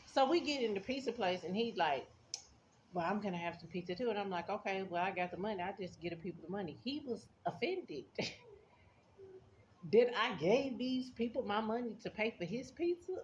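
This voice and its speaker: A woman's voice: medium pitch, lively intonation, brisk. A woman telling a casual storytime to her viewers, blunt and sassy, laughing often as she talks. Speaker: vlogger. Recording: dull lo-fi sound with faint background noise.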